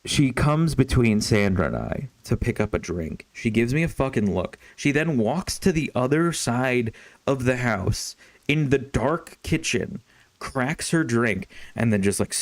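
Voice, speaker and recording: The recording is dry, and the voice is a mid-range male one. While gaming on stream, a young man meanders through a long, foul-mouthed story, restarting often and leaning heavily on fillers.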